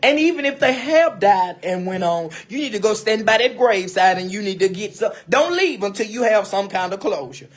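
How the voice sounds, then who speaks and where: Speaking to her live-stream viewers in a casual monologue, a woman gives emphatic, preachy advice, repeats phrases, and calls them "baby." Her voice sits at a medium pitch, animated and brisk with few pauses.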